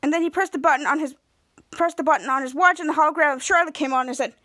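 A woman podcast host giving a casual, halting recap of a TV episode, full of restarts and repeats. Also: high voice, a bit bright, no echo, studio quality. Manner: halting, repetitive retelling with many restarts.

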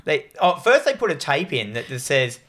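Relaxed mid-pitched podcast co-host. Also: moderate pace. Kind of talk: casual film review chat.

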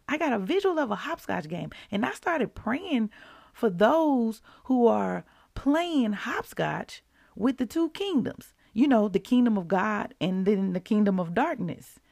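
Gravelly, excited woman podcast host. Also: medium pitch, no echo, studio quality. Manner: enthusiastic, chatty, addresses listeners as y'all. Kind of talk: casual devotional podcast talk.

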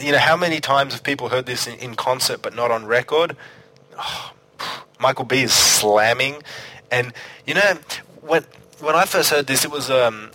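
A man's voice: medium pitch, pushed and bright, rough recording. A man hosting a casual music review chat, enthusiastic and full of restarts. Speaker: podcast host.

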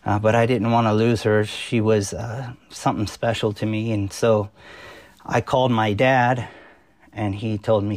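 A man in his forties, a pastor, telling his personal testimony in a podcast interview, earnest and halting with many fillers and restarts. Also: on the low side, flat delivery, no echo.

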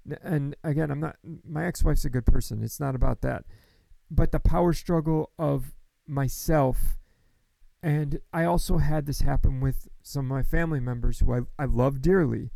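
A man in his thirties talks straight to the camera in a frank, worked-up monologue, swearing freely. His voice is gravelly and mellow, pitched a little above the usual for a man. The sound is dry and close. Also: dry recording, rough recording. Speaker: vlogger. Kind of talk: candid personal monologue.

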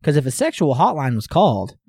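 Mellow young man, measured storyteller. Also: fairly high pitch, very animated, breathy edge, no echo, studio quality. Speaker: podcast co-host. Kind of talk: casual chat, reminiscing.

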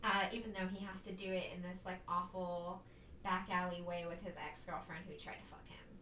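A woman's voice: lowish voice, little pitch movement, bright, forceful tone, recorded from a distance. A woman co-hosting a casual chat, recapping a movie in a loose, filler-heavy way. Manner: chatty, quick, full of fillers. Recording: echoey room with faint noise, off-mic.

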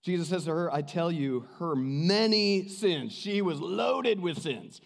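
A man's voice: fairly high pitch, measured pace, creaky. A man preaching a sermon as pastor, telling stories with energy and acting out the people he quotes. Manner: animated storytelling, acts out quoted voices. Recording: reverberant hall.

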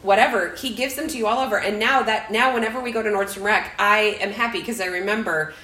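A woman's voice: medium pitch, quick pace, echoey room, poor audio. A middle-aged woman telling a family story in casual chat, acting out quotes with laughter. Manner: animated, acts out quotes with laughter.

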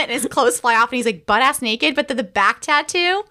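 A woman's voice: high voice, moderate pace, bright, forceful tone. A woman co-hosting a casual podcast, reviewing a movie with enthusiasm, laughing and swearing freely. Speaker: podcast co-host. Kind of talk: casual film review chat.

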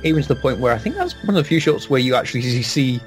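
A thoughtful man in a casual chat, pausing a little as he searches for words. Music plays clearly behind his mid-pitched voice. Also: very animated.

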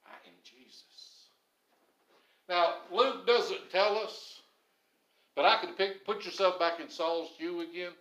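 Male pastor, sermon delivery, emphatic with quiet drops; voice sits a bit high; echoey room. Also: steady tone, measured pace. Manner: emphatic, swings between loud stresses and low quiet phrases.

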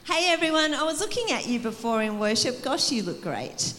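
A woman preaching an energetic sermon in a church, rallying the congregation and calling for responses. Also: sits high, fairly quick, long reverb tail. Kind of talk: sermon to a church youth service. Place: church hall.

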